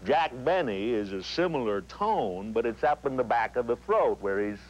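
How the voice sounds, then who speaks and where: A man in his forties from Los Angeles, a comedian speaking playfully in a relaxed interview. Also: medium pitch, normal speed, hardly any pauses, lo-fi sound. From suburban Los Angeles. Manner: playful, demonstrates voices while explaining. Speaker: comedian and actor, interview guest.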